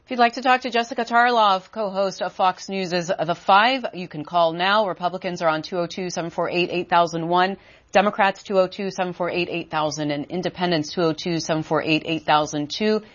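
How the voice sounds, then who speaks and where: Measured woman call-in show host. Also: fairly low pitch, steady tone. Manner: measured, formal announcer delivery. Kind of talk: broadcast hosting, reading call-in numbers. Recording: dull lo-fi broadcast audio.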